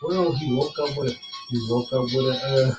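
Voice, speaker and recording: A man playing a tabletop role-play game, speaking bluntly and gruffly as his character. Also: mid-range voice, moderate pace, muffled recording, over music. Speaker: player.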